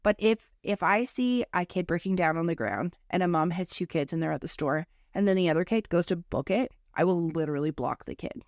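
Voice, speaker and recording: A woman's voice: fairly low pitch, a little fast, hardly any pauses, darkish tone, no echo, clean studio sound. A woman and mother co-hosting a podcast, chatting casually in a rambling way full of fillers. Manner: rambling, filler-heavy talk. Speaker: podcast co-host. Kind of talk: casual chat.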